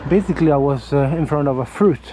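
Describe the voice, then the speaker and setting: A man from Italy with an Italian accent, chatting casually on a walking vlog and often pausing to search for words, talking into a camera outdoors on a windy street. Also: on the high side, warm tone, low-quality recording. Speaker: vlogger. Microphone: camera mic held near the face. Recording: faint wind and traffic noise outdoors.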